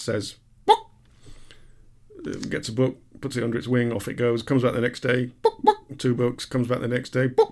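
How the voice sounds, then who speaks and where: A man co-hosting a podcast, reading out animal facts and telling a silly joke with lots of ums and uhs. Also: medium pitch. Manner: reads out trivia with many fillers, jokey storyteller. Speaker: podcast co-host. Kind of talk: casual chat.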